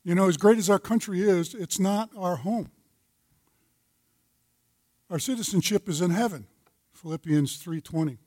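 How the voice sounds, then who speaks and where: A man's voice: sits high, moderate pace, long pauses, warm tone, no room sound. A retired older man teaching a men's Bible study, telling a folksy story and citing scripture. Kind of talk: sermon-style teaching.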